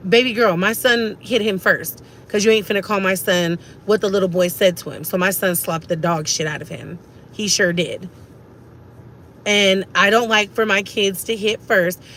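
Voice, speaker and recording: A woman's voice: medium pitch, fairly bright tone, a little hiss or hum. A woman, ranting emphatically to camera as a vlogger and repeating herself for stress.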